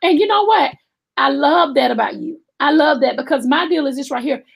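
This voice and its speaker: A woman from Alabama with a Southern accent, hosting a chat show, expressive and full of faith talk. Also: sits high, fairly quick, creaky. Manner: expressive, faith-filled, acts out her own quotes. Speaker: show host. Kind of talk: casual interview chat.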